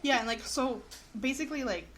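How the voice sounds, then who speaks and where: A woman's voice: sits high, fairly quick, a bit bright. Chatty woman podcast co-host. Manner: chatty, lots of filler "like". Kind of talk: casual podcast recap chat.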